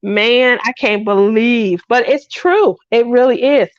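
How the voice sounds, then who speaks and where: A woman's voice: on the high side, takes it slowly, clear, resonant tone, no echo. Middle-aged woman telling stories, laughing often. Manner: animated storytelling, laughs often. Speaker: craft livestream host. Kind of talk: casual livestream chat. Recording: dull dry lo-fi stream audio.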